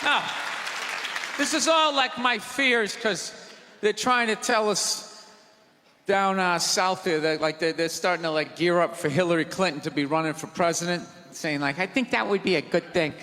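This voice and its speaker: A high-pitched, sharp-edged male comic rants loudly and with exasperation from a theater stage. His voice rings out into a long hall reverb, with an audience faintly audible behind him. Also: steady tone, measured pace. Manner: loud, ranting, exasperated delivery. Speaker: stand-up comedian. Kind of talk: stand-up comedy set. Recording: live theater recording with long reverb and crowd.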